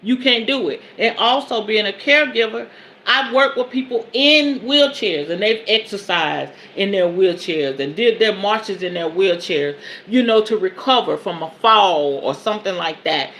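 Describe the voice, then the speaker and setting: A woman's voice: mid-range voice, lively intonation, normal speed, fairly bright tone, slight background noise. A woman in her forties hosting a podcast, reading from a self-help book and breaking off to preach about it in a colloquial, emphatic way. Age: 40s. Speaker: podcast host and spiritual advisor.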